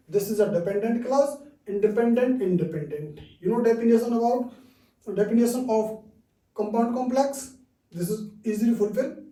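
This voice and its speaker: Slow-talking male teacher, distant and roomy. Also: sits high, warm tone. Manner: repeats each example slowly, with many "okay" fillers. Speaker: English grammar teacher. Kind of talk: slow classroom explanation. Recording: roomy echo, distant mic.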